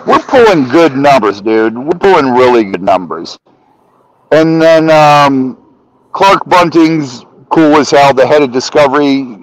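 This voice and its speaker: A man on a podcast telling a story in casual, animated talk, swearing often and acting out the dialogue. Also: fairly high pitch, no echo, rough recording. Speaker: podcast guest.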